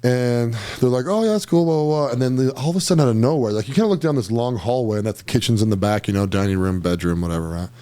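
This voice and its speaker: A man's voice: on the low side, quick pace, few pauses, dark tone. A man who is a guest on a podcast, telling stories in casual chat, laughing often and acting out other people's lines. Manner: laughs often mid-sentence.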